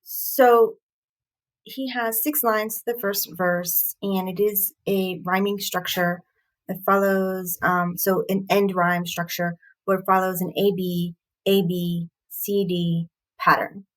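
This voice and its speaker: A woman reviewing a poem, explaining its meter in a halting, thoughtful way with frequent pauses and fillers. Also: mid-range voice, level tone, poor audio. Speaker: poetry reviewer. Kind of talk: explaining poetry analysis.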